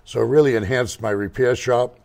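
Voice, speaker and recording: A man's voice: mid-range voice, steady tone, a little fast, gravelly, darkish tone. An older man who owns a motorcycle shop, telling rambling, digressive stories as a guest in an interview. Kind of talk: casual storytelling interview.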